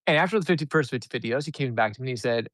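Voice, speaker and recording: A man telling a story as a podcast guest, animated and acting out the dialogue he reports. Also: medium pitch, rapid-fire, dry recording. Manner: animated, acts out quoted dialogue. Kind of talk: conversational storytelling.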